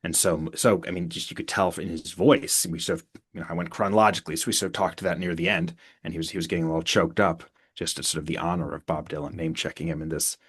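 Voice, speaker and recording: A man, an author and podcast guest, telling anecdotes in a casual, animated way, with many fillers and restarts. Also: low-pitched, fast, breathy edge.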